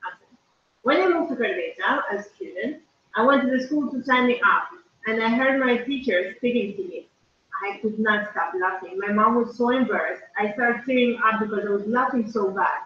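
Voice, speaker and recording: Woman, young, playful chat, far from the mic, very echoey dull room, faint noise. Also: moderate pace. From Greece. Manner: playful, storytelling, laughs easily. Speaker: vlogger's girlfriend. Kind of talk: casual chat. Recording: distant, very roomy, dull low-fi sound.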